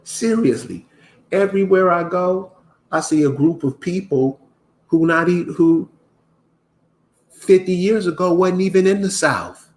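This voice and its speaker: A man's voice: high voice, unhurried, long pauses. A man ranting casually to his viewers, exasperated and preachy, often restarting his words. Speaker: commentator. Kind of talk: casual rant to camera.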